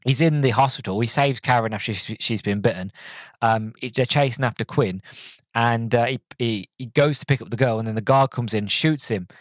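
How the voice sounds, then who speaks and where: A man's voice: mid-range voice, a little fast, no room sound. A man hosting a podcast, reviewing a film in a rambling, casual way full of fillers and self-corrections. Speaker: podcast host.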